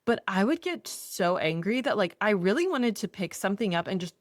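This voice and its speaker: A woman's voice: mid-range voice, a little fast, no room sound, clean studio sound. A woman in her thirties co-hosting a podcast, telling candid personal stories in a casual, self-deprecating chat. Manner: candid, animated storytelling with self-deprecating humor. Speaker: podcast co-host.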